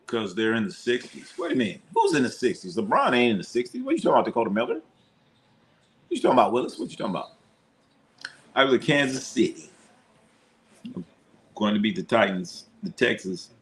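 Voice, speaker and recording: A man hosting a live sports watch party, talking loosely and animatedly, quick to laugh and swear as he reacts to the game. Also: on the low side, fairly bright tone, a little hiss or hum. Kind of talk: casual live sports commentary.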